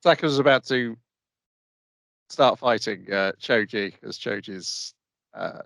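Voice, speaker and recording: A man co-hosting a podcast in casual chat, recapping the story in a halting way with pauses and fillers. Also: mid-range voice, creaky, a bit bright, dry recording. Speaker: podcast co-host.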